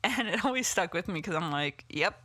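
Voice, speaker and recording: A woman co-hosting a podcast in casual chat, chatty and quick to laugh, with many fillers. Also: on the low side, expressive, sharp tone, dry recording. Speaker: podcast co-host.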